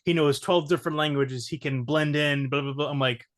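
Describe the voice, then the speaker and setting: Excitable man hosting a movie chat. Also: fairly high pitch, brisk. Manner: animated, acts out quotes from scenes. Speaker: host. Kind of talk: casual roundtable movie chat.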